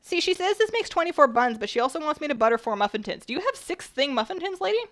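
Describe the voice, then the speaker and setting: A woman chatting casually while she bakes on a stream, rambling a bit, her voice slightly rough at the tail end of a cold. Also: sits high, sing-song, fast, a bit bright. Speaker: baking streamer. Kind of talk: casual chat while baking.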